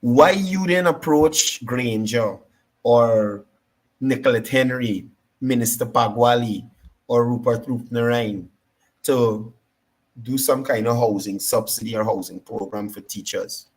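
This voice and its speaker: A man's voice: medium pitch, unhurried. A man with a Guyanese accent hosting a political talk show, combative and repeating his points for emphasis. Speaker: political commentary host.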